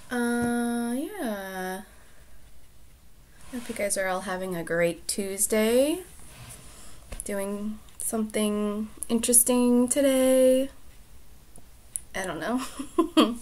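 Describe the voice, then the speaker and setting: A woman who reads a storybook aloud and then chats casually, soft-spoken and often dropping to near-whispers. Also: medium pitch, slow, pauses often, slight background noise.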